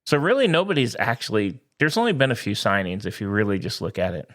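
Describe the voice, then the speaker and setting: A man co-hosting a casual sports podcast, talking in an animated, joking way with frequent restarts. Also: lowish voice, quick pace. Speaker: podcast co-host.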